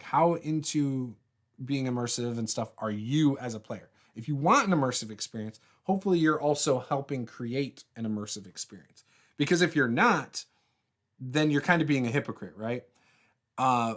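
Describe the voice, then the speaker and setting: Laid-back man chatting on a livestream. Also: medium pitch. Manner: rambling, laughs often, many fillers and restarts. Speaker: host of a tabletop RPG livestream. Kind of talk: casual livestream chat, reading viewer comments.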